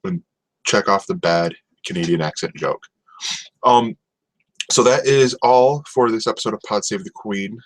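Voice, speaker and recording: Male solo podcast host, low-pitched, casual and rambling, filler-heavy delivery. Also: a little slow, low-quality recording. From North America. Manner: rambling, lots of ums and restarts. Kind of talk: casual solo TV review chat.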